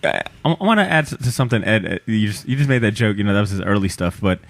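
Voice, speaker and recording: A man's voice: on the low side, lively intonation, fast talker, gravelly, no echo. A man hosting a podcast in casual chat, thoughtful and stop-start as he gathers his points. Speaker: podcast host.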